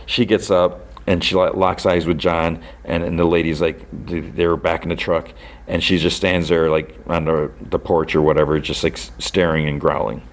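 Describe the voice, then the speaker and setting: A man with a very low voice hosts a podcast and recaps a show in a loose, rambling way. He leans on "like" and restarts his sentences, and he briefly acts out the characters' lines as he goes. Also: level tone, moderate pace. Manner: rambling retelling full of "like" and restarts, acting out quoted lines. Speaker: podcast host. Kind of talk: casual episode recap.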